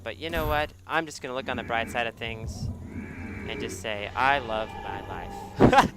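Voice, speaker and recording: A young man commentating his own strategy game match at home, rambling and mocking himself, with bursts of shouted frustration and swearing. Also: medium pitch, normal speed, very noisy. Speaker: gameplay commentator. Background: background music.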